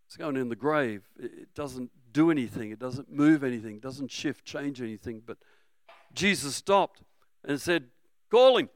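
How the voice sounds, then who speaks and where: A middle-aged Australian man preaching a sermon, energetic and humorous, sometimes breaking into shouts. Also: mid-range voice, moderate pace, dry recording. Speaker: pastor.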